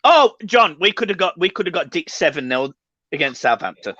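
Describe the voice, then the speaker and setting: High, bright-voiced agitated fan man. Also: very animated, a little fast, dry recording. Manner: agitated, stumbling over words, swearing. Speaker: fan channel co-host. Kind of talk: ranting football reaction chat. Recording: dry, dull lo-fi sound.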